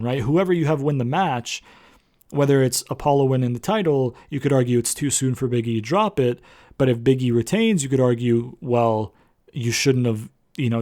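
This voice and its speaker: A man talks through a wrestling show review on his own, in a mid-pitched, ordinary voice. He rambles loosely, filling gaps with ums and you-knows and letting the odd casual swear word slip. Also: a little mellow.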